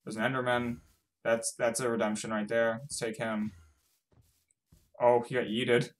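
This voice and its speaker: A young man giving casual, swearing let's-play commentary, swinging from mumbling to frantic yelling. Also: medium pitch, level tone, a little slow. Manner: swears a lot. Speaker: gaming YouTuber.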